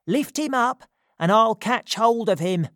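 A reader voicing a brash, loud adult male burglar in a storybook reading, with a raised, excited delivery. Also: medium pitch, a little slow, no echo, clean studio sound, pitched above the performer's own voice. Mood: urgent.

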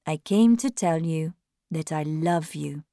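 A woman voicing a charming Frenchman in a storybook reading, speaking softly and in a low key. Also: slow, no room sound, studio quality. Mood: earnest. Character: charming Frenchman, a gentle lover.

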